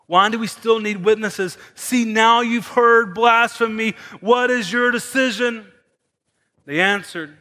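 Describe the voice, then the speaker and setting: A high-pitched man preaches a sermon as pastor, shifting between soft, hushed lines and raised, emphatic ones. The recording carries a long hall reverb.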